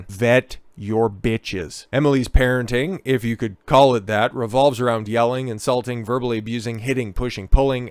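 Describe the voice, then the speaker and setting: A man's voice: mid-range voice, smooth, dry recording. A man hosting a ranting commentary on a news story, profane, sarcastic and scornful as he talks. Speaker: commentary host.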